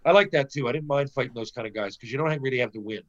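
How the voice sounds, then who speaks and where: A man's voice: mid-range voice, rapid-fire, highs cut off. A middle-aged Canadian man, a former pro hockey player, telling a casual anecdote with plenty of swearing and acted-out quotes. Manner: animated, profane storyteller who acts out quotes.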